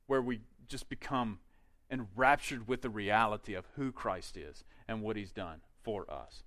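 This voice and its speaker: A male pastor preaching a sermon in a conversational way, with quick asides and emphatic peaks. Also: fairly high pitch, a bit bright.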